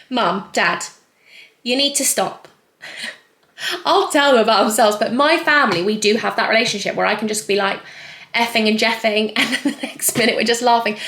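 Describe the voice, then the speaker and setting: A woman's voice: on the high side, fairly bright tone. A young pregnant woman chatting casually through a Q&A while doing her makeup, rambling and laughing often. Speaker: vlogger. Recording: echoey room.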